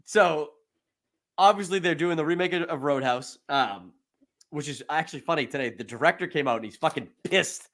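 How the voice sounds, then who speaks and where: A man's voice: fairly high pitch, normal speed. A man hosting a casual movie podcast, chatting loosely, laughing often and acting out scenes. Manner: animated, acts out movie scenes in put-on voices, laughs often. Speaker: podcast host. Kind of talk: casual chat.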